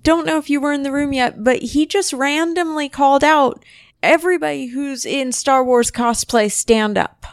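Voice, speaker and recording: A woman's voice: sits high, no room sound. Eager woman co-host, dry close sound. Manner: eager, chiming in with quick agreement. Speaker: podcast co-host. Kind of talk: casual convention recap chat.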